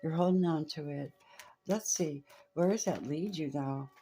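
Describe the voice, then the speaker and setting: Low, mellow-voiced woman tarot reader. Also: a little hiss or hum. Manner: slow, soft-spoken, addresses viewers as babies. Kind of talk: spiritual tarot reading.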